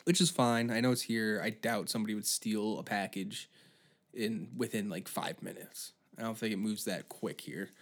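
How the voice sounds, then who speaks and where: A man's voice: on the low side, steady tone, moderate pace. A young man hosting a comedy podcast, ranting in an exasperated, profane way. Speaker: podcast host. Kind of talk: comedic solo rant.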